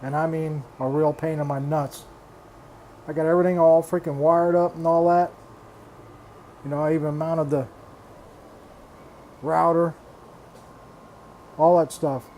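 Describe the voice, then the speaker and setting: A man's voice: a little high, mellow, slight background noise. An older man venting bluntly and with exasperation on his hobby vlog, swearing freely and restarting his phrases. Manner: repeats himself, restarts phrases. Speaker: reef aquarium hobbyist vlogger. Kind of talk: frustrated casual rant.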